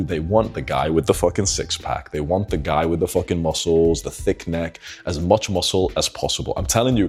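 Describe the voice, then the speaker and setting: A man's voice: deep voice, darkish tone, slightly rough. A young man giving dating advice in casual talk to the camera, sitting indoors late at night, blunt and swearing. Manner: blunt, swearing, confiding, persuasive. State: tired late-night morning voice.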